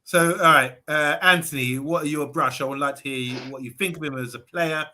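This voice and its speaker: Man, podcast host, bright tense voice, higher pitch, hesitant, lots of ums. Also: brisk. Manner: hesitant, many fillers. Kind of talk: casual football podcast chat.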